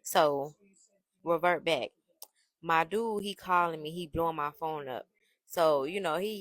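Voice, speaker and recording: A woman tells a storytime in a brash, profane, animated way. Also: deep voice, slow pace, long pauses, no echo. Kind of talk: casual storytime.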